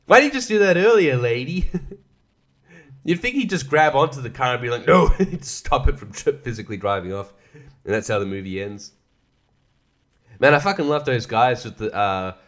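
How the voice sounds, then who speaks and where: A young man hosts a casual solo podcast, rambling along, swearing a lot and laughing often. His voice is medium-pitched with a fairly bright tone.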